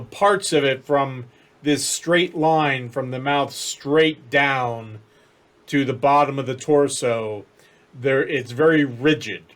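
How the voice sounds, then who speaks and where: A man serves as game master on an online tabletop stream. He narrates slowly and carefully, taking his time over each detail. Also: mid-range voice. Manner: slow, measured narration. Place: online voice call.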